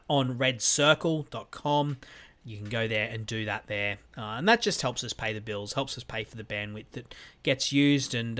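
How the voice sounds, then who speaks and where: A male podcast host wraps up his show from a room at home, loose and conversational. He trails off into ums and starts sentences over, with a voice at a middle pitch for a man. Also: bright, forceful tone. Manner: rambling, with frequent ums and restarts. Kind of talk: casual solo podcast sign-off.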